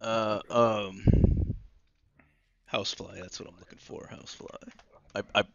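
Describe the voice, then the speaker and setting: A man's voice: on the low side, fairly even intonation, unhurried, gravelly, a bit bright, highs cut off, a little hiss or hum. A man narrating as game master of a tabletop game, drawling with many fillers.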